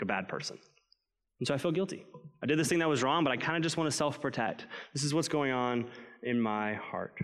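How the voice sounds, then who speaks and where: A man's voice: medium pitch, fairly bright tone, long reverb tail. A man preaching a sermon in a conversational way, acting out inner voices and prayers as he speaks. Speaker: pastor.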